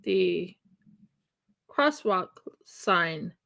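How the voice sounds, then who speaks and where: A woman's voice: lowish voice, very slow, creaky. An American woman chatting casually during a craft livestream, telling a funny story and acting out its dialogue. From United States. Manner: chatty, animated, acts out dialogue in her story. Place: home craft room.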